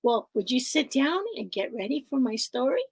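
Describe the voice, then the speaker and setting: A woman voicing a small, friendly male mouse puppet in a squeaky, chirpy voice for a children's storytime. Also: normal speed, creaky, slightly rough, exaggerated voice.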